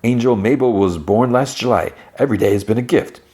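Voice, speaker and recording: A man's voice: mid-range voice, fairly quick, darkish tone, voice pushed up, close to an everyday voice. A man voicing a cheerful middle-aged family man who is secretly a killer, chatty and upbeat. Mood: chummy.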